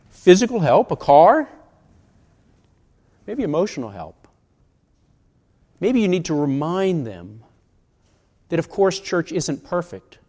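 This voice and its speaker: A man's voice: on the high side, dark tone. A man in his sixties preaching a sermon in a conversational way, asking rhetorical questions. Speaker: pastor. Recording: long reverb of a large hall.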